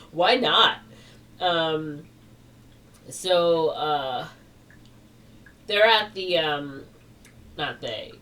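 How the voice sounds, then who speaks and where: A woman with a deep voice and a fairly bright tone co-hosts a podcast, casually retelling a plot in a rambling way packed with "like" and "or whatever." She's recorded on a distant mic with faint background noise.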